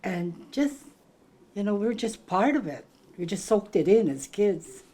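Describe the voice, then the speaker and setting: A woman's voice: mid-range voice, big pitch swings, a little slow, mellow. An older woman from Hawaii with a Hawaiian Pidgin-tinged accent, reminiscing about her grandparents in a rambling way and searching for words. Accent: Hawaiian Pidgin-tinged English. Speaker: granddaughter sharing memories. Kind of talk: conversational reminiscing.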